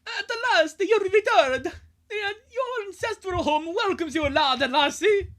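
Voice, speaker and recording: A woman's voice: extremely high pitch, animated, unhurried, pitched above the performer's own voice. A woman voicing an old, devoted Scottish castle servant in a put-on Scottish accent, grand and formal as she reads aloud. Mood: tearful welcome.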